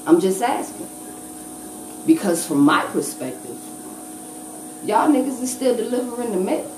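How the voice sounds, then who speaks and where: A woman's voice: on the high side, big pitch swings, a little slow, a little mellow. A woman battle rapper speaking in a blunt, profane, emphatic way during a casual interview. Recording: echoey room, distant mic, noisy.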